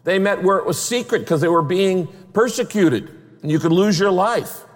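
A man's voice: high-pitched, moderate pace, in a large hall. A man preaching a sermon to his congregation, emphatic and full of rhetorical questions. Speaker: pastor.

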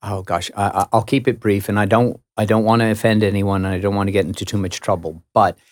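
A man's voice: lowish voice, steady tone, fast, dry recording, clean studio sound. A middle-aged man with an American accent, a radio guest telling a story in a chatty, self-mocking way. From United States. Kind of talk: casual chat.

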